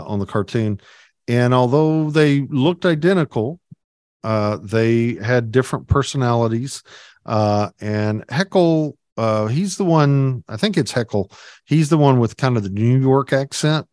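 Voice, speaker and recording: A man's voice: mid-range voice, a little mellow, no echo, clean studio sound. A man co-hosting a podcast in casual chat, rambling and hesitant, with lots of fillers. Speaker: podcast co-host.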